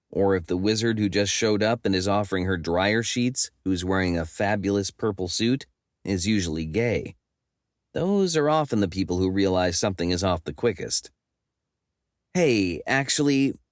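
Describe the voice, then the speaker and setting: A man's voice: low-pitched, no room sound, clean studio sound. A man narrating a comic fantasy audiobook in first person, wry and self-mocking.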